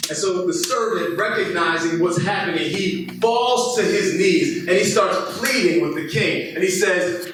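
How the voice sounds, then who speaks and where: Speaking unhurriedly with few pauses, a pastor delivers a sermon in a church hall, recasting scripture as a relaxed present-day tale. He has a high-pitched, fairly bright voice, and the recording is very echoey, distant-miked, and faintly noisy.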